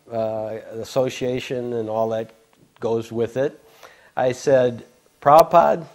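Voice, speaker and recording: Older man, average pitch, loose anecdotal storytelling, rambling with stammers. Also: darkish tone. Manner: rambling, self-interrupting, with laughs and stammers. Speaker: devotee recalling memories. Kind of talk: casual storytelling.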